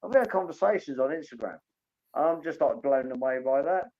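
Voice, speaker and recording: A man's voice: mid-range voice, lively intonation, fairly quick. Rambling man, dull audio. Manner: rambling, enthusiastic, swears casually. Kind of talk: casual storytelling chat.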